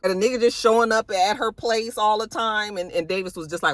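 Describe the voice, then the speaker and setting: Animated woman doing a TV recap. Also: fast, hardly any pauses, no echo. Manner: animated, acts out characters' lines with big pitch jumps; profane, slangy storytelling. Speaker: TV recap vlogger. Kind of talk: casual episode recap.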